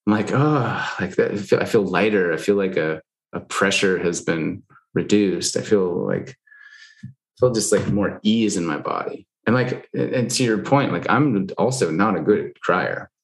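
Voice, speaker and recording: A man's voice: sits low, moderate pace, vocal fry. A man talking candidly in casual conversation, loose and frank, with lots of fillers and the odd swear.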